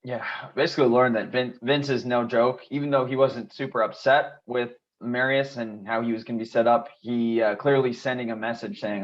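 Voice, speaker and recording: A man in casual podcast conversation, walking through the story at an easy pace with plenty of fillers. His voice sits at an ordinary pitch. The recording sounds a little muffled and lo-fi. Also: normal speed, hardly any pauses. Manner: relaxed, steady retelling with fillers. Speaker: podcast co-host. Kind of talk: casual recap chat.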